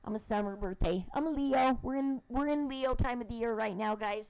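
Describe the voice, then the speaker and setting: Woman, high voice, chatty, rambling, casual, emphatic. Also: brisk, vocal fry, darkish tone, clear, resonant tone, low-quality recording. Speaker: channel host. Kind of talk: casual rambling chat to viewers.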